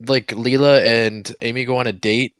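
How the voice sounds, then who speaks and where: A man co-hosting a podcast in casual, animated chat. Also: mid-range voice, normal speed, smooth, no echo. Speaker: podcast co-host.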